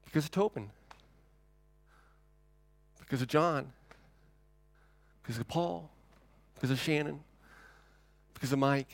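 A pastor preaching in a conversational, dynamic way, swinging from loud, emphatic lines to hushed ones. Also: male voice, medium pitch, measured pace, gravelly, long pauses, no echo. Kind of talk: sermon.

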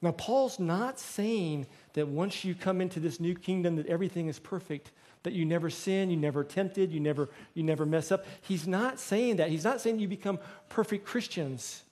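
A middle-aged man, a pastor, preaching a sermon with lively storytelling and acted-out quotes. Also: high-pitched. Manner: storytelling, acts out quoted voices.

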